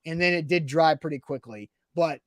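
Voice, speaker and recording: A high-voiced man co-hosting a sports podcast, recounting a mishap with lively, animated delivery. He acts out his own reactions as he goes. The sound is dry and close, with little room echo. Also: normal speed. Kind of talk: casual chat, storytelling.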